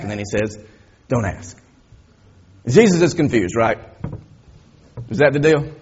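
A middle-aged man preaching a sermon in a husky, somewhat high voice. He leans into emphatic points and rhetorical questions. The recording sounds dull and lo-fi. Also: a little mellow. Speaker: pastor.

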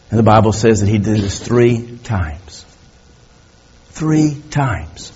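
Husky man preaching an impassioned sermon. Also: lowish voice, sing-song, takes it slowly, dark tone. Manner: impassioned storytelling, repeats key words for emphasis. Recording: dull lo-fi recording.

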